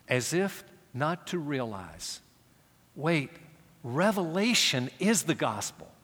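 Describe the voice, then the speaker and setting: A middle-aged male pastor delivers a sermon at normal speed, and the sound carries the echo of a big room. His delivery swings between raised, animated passages and low, hushed emphasis, and he acts out quoted voices in conversational asides.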